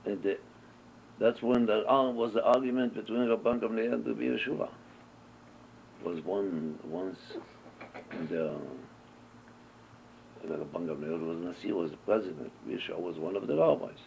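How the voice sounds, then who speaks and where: Deep-voiced man teaching a Torah class. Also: normal speed, creaky, long pauses. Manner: asks questions and answers them, storytelling. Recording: dull lo-fi recording with faint noise.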